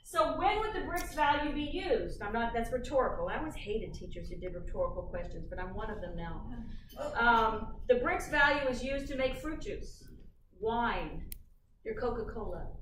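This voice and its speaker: A woman giving a university lecture in a lively, chatty way, often putting questions to the class. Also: fairly high pitch, a little hiss or hum. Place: lecture hall. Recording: echoey hall, from far off.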